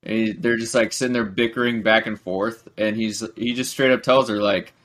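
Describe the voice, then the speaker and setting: A man's voice: fairly low pitch, steady tone, normal speed, fairly bright tone. A man co-hosting a casual podcast chat, talking in a rambling, hesitant way. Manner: rambling, hesitant with frequent ums and likes. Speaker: podcast co-host.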